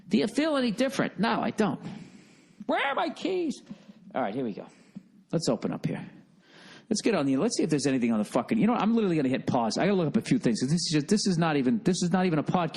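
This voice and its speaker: A man in his forties hosting a solo podcast, rambling casually with lots of swearing and self-deprecating asides. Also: mid-range voice. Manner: profane, self-deprecating, animated. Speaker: podcast host.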